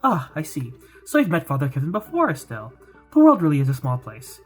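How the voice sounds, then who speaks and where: A woman voicing a kind, motherly older woman who runs an orphanage, speaking gently in a lower voice, over faint game music. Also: wildly swooping pitch, fairly quick, breathy edge, heavily acted. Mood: gentle.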